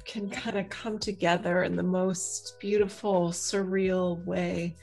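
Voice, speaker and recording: A woman's voice: fairly low pitch, fairly even intonation, slow, vocal fry, a little mellow, faint music behind. A woman hosting a podcast, giving supportive replies and then telling her own family story in a chatty way. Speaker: podcast host. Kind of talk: casual interview chat.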